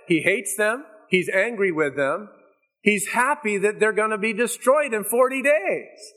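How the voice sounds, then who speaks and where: A man preaches in a fairly high voice, leaning hard into dramatic emphasis. He drives each point home like a storyteller. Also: unhurried, a bit bright. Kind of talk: sermon.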